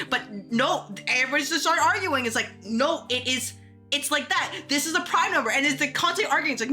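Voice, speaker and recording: Bright-voiced woman ranting on stream. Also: high-pitched, faint music behind. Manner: animated ranting, quick asides and restarts. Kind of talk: casual gaming stream chat.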